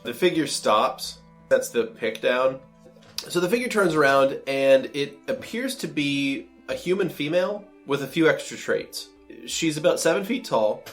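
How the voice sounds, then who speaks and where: A man's voice: fairly high pitch, lively intonation, a little slow, soft background music. A man running a tabletop role-play game, describing scenes casually with fillers and laughs. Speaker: game master.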